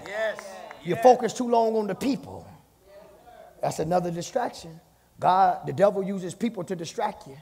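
A male pastor preaching a sermon, swinging from low talk to fervent shouted passages, recorded in a church. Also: lively intonation, brisk, gravelly. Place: church sanctuary with long reverb. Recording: hall reverb.

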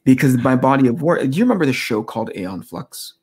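A man in his forties from the United States, a comic artist telling animated anecdotes in a casual interview, acting out quoted dialogue. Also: medium pitch, fast, a little hiss or hum.

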